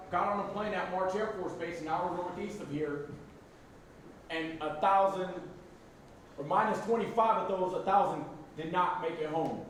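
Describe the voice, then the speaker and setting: A Marine veteran from Arizona speaks to a football team in a high, plain, measured voice. He sounds far from the mic, with strong echo around him. A faint hiss of noise runs beneath. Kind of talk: speech to a team.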